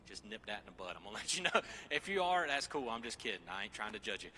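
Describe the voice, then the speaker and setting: A man in his thirties preaching a sermon, joking with the congregation in lively asides. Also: fairly low pitch, fast talker, a little hiss or hum. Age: 30s.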